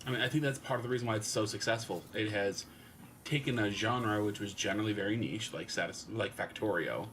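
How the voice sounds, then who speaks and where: Low-voiced man explaining at length. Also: fairly quick, fairly bright tone, a little hiss or hum. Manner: explanatory, reads messages aloud at length. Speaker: co-host reading chat. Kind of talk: casual gaming stream chat.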